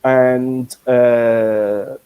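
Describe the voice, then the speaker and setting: A Welsh man hosts a live online English lesson, talking at an everyday pitch. He chats in a loose, hesitant way with plenty of fillers. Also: little pitch movement, drawn-out words, clear, resonant tone, narrow, tinny audio. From Wales. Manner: chatty and hesitant, many fillers. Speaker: English teacher.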